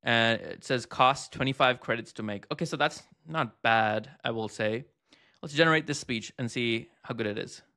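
A man hosting a casual hands-on review, chatting and thinking aloud with fillers and quick asides. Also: medium pitch, gravelly, sharp tone. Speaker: host reviewing text-to-speech tools.

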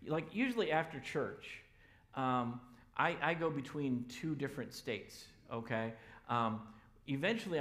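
A man preaching a sermon as pastor in a church, loud and energetic. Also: a little high.

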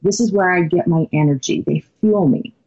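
Woman putting on a mellow Australian surf legend, husky, low. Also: moderate pace, dull audio. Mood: relaxed. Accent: attempted Australian. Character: easygoing male champion surfer, humble.

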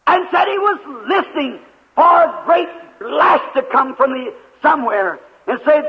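A high-voiced man preaches a revival sermon, acting out the people in his story as he goes. The old recording sounds thin and tinny, like a phone line, and his voice rings through a long hall reverb. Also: moderate pace. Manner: dramatic storytelling, voicing the characters in his story, rising to shouts.

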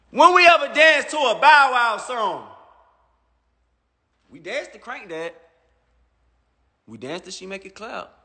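A man in his thirties rants on a phone livestream, bragging and mocking a rival with the same jabs again and again. His high-pitched, sharp voice comes through a phone mic with long echoey reverb.

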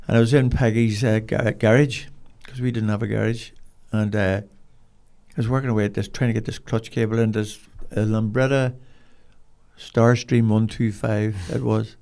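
An older man with a Northern Irish accent, telling rambling, animated stories as an interview guest. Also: fairly low pitch, normal speed, vocal fry. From Northern Ireland. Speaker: guest, dog trainer. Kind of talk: casual storytelling.

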